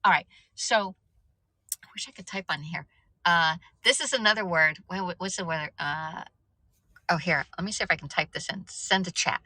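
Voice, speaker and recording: Woman, middle-aged, casual live chat, laughs at herself, bright tone. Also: lowish voice, moderate pace, dry recording, rough recording. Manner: chatty, laughs at herself, stumbles over words. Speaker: livestream host.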